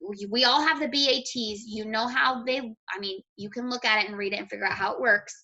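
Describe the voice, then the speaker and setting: High, bright-voiced woman coaching her team. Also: a little fast, highs cut off. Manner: chatty, blunt, swears casually. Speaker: team leader. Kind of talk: motivational team call.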